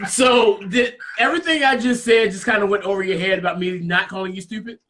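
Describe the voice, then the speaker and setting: Wrestling show co-host guy, high bright voice, loud and teasing, lots of ribbing. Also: fairly quick. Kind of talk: casual trash-talk banter.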